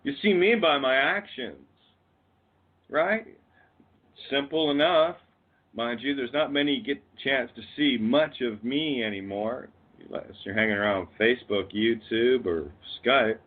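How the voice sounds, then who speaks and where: Husky Canadian man ranting over a phone line. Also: medium pitch, a little slow. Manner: swearing, laughing, confrontational. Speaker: guest on a call-in radio show. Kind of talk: rambling profane rant. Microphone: phone or call line. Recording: tinny phone-line audio.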